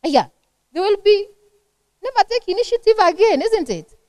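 Kenyan lady speaker at a church parenting seminar, high voice, dry close sound, chatty and lively. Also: moderate pace, no echo. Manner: lively, conversational teaching that acts out everyday scenes. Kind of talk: seminar talk to a church women's group.

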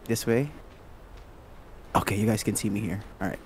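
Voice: mid-range voice, steady tone, moderate pace, background noise. A gaming partner in casual chat who laughs hard and plays along. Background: faint lofi music.

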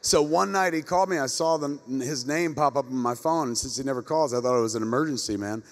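A man's voice: medium pitch, fast talker. A middle-aged man moderating a convention panel, telling rambling, profane comic anecdotes to a live audience on stage. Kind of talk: comedic storytelling to a live audience. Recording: echoey convention hall with long reverb.

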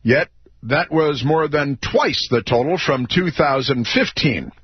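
A man's voice: on the high side, slow, breathy edge, no room sound. A man hosting political talk radio, sarcastic, mocking and combative. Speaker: radio talk show host. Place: radio studio. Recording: dry, slightly dull studio audio.

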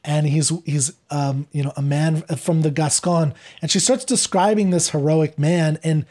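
A man talking as a podcast guest, retelling a play in a lively conversational way and acting out the characters' lines as he goes. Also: on the high side, measured pace. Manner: animated, acts out quoted lines while retelling. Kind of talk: conversational literary discussion.

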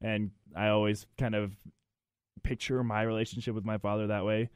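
A man's voice: on the low side, flat delivery, normal speed, clear, resonant tone, no room sound, studio quality. A man co-hosting a film podcast, earnest and reflective as he talks about movies he loves. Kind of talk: casual film chat.

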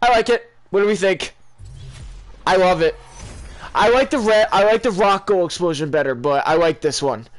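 A young man giving casual, rambling live reactions to video game items, excitable and full of ums. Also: sits high, normal speed. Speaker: gaming YouTuber.

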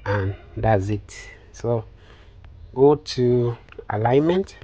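A man calmly talking through a phone design tutorial step by step, with many fillers. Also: mid-range voice, very slow, no room sound, highs cut off. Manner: calm step-by-step instructions with frequent fillers. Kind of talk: screen-recorded software tutorial.

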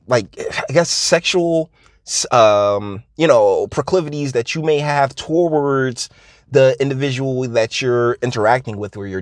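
A vlogger with a mid-range voice rants casually and comedically, rambling, cutting himself off and laughing often. The recording is studio quality with no room sound.

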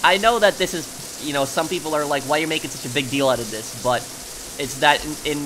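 A man's voice: fairly high pitch, fairly quick, noisy background. A man giving casual let's play commentary in a chatty way, full of ums and you-knows. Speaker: gameplay commentator.

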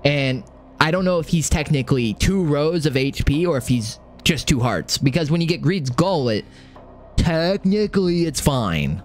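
A young man giving casual live gameplay commentary, excitable and swearing often, repeating phrases under pressure. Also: a little high, normal speed. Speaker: gaming streamer.

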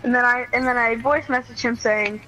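A woman's voice: a little high, steady tone, a little fast, pushed and bright, slight background noise, poor audio. A woman streaming a video game, rambling through a story about chat messages and giggling often. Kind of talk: casual gaming stream chat.

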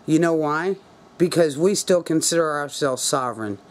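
An American video blogger delivers an impassioned political rant straight to camera, angry and preachy as he urges viewers to take action. His voice is on the high side, at a moderate pace.

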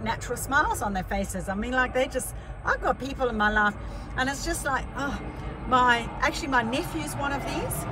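A woman's voice: high voice, background noise. A middle-aged woman life coach giving a chatty motivational talk, telling stories with many restarts.

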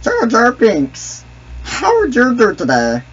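A man voicing a goofy, excitable male alien sidekick who talks about himself in the third person while gaming, with a husky, slow but lively voice on a dull lo-fi mic. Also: very high-pitched, full character voice. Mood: sheepish. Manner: refers to himself in third person, brash trash talk. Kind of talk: gaming commentary in a character voice.

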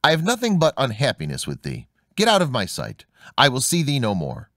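A man's voice: mid-range voice, wildly swooping pitch, fairly quick, fairly bright tone, dry recording, clean studio sound. A man voicing a weary, exasperated old father who scolds in old-fashioned speech, in a storybook reading. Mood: despairing.

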